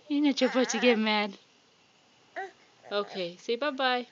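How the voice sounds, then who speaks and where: A woman talking sing-song baby talk to an infant, coaxing and gentle, recorded at home on a phone. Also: on the high side, unhurried, long pauses, a crowd in the background. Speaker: parent filming a baby. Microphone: phone camera. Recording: dull lo-fi phone video audio.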